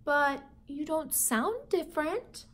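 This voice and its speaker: A woman reading a storybook aloud, voicing a small, eager male pet hamster with a bright, squeaky manner. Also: animated, slow pace, full character voice.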